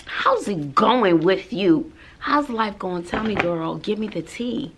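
A woman's voice: medium pitch, lively intonation, slow, background noise. A woman teacher, chatting sassily to her viewers in a casual vlog, talking to them like girlfriends. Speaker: middle school teacher.

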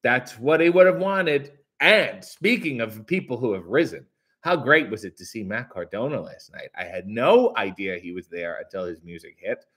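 A man hosting a casual live stream, reading viewer comments aloud in a brighter voice and answering with crude, sarcastic, mock-grumpy asides. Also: medium pitch, expressive, normal speed, slightly rough. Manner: reads comments in a brighter, louder voice.

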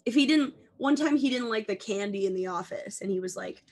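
A woman in her twenties co-hosts a podcast of casual comedic chat, her mid-range voice brisk and animated as she rambles playfully through goofy tangents.

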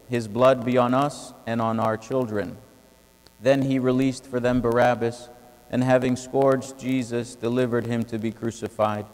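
Male reader, flat and even liturgical delivery, cathedral reverb trailing every phrase. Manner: steady, even reading with little pitch movement. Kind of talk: liturgical scripture reading. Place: large cathedral.

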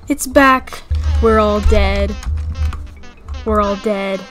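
A woman giving playful, excitable let's-play commentary as she plays, often breaking into shrieks and giggles. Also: medium pitch, drawn-out words, over music, rough recording. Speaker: gaming YouTuber.

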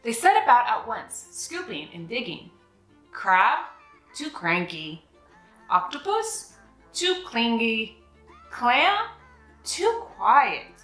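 A woman reads a children's picture book aloud in an expressive, storytelling way. Her voice is fairly high, slow-paced, and very lively in pitch. The sound is echoey, with soft music under it. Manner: expressive, animated reading.

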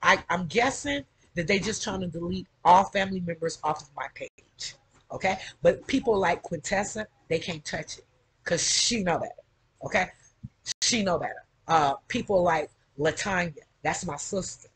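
A woman's voice: fairly low pitch, moderate pace, a bit bright, slightly rough, poor audio. A middle-aged woman chatting casually to her camera at home, rambling and tagging nearly every phrase with "okay?". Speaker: vlogger.

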